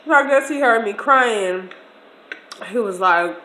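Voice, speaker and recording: A woman in her forties telling a personal story in a chatty, slangy, expressive way during a casual meal video. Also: medium pitch, unhurried, slight background noise. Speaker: vlogger. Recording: echoey room.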